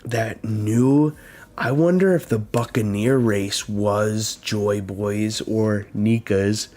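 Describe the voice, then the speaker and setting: A man's voice: on the low side, slow pace, a little mellow. A man hosting a live reaction, reading a comic aloud and thinking aloud between pages with dismayed sighs. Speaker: manga reaction host.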